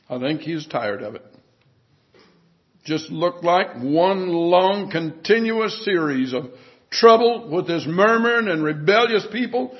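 A male preacher delivering an emphatic sermon, often dropping to hushed tones. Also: fairly high pitch. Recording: dull lo-fi sermon recording.

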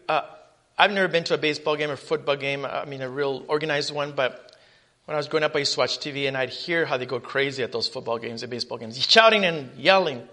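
High-voiced man preaching with emphatic swings. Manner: emphatic preaching, rising loud on scripture, dropping low on asides; calls out questions to the congregation. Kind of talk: sermon.

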